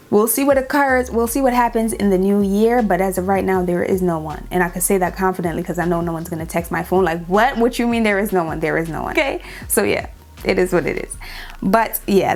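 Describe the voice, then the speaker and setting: A young woman with a New York accent chatting casually in a Q&A vlog, sassy and repeating lines for emphasis. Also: fairly low pitch. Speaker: beauty YouTuber.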